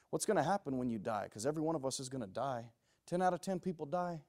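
A man preaches an impassioned sermon in a mid-range voice. He drops to quiet, pleading tones, then rises to loud, shouted passages. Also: mid-range voice, expressive, fairly quick, few pauses.

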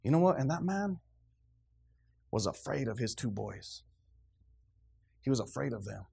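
A man's voice: medium pitch, big pitch swings, measured pace, creaky, darkish tone, slightly rough. A man preaching a sermon in a stern, emphatic, plainspoken way, repeating phrases to drive his points home.

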